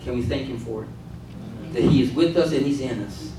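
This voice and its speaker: A man's voice: mid-range voice, brisk, noisy background. A man preaching a sermon to a congregation, calling for responses and telling humorous stories. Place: church room with a congregation. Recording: very echoey room, mic far off.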